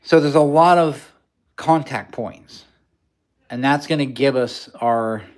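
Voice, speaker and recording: A man's voice: medium pitch, slow pace. A man hosting a casual livestream, talking through a build in a rambling, joking, technical way.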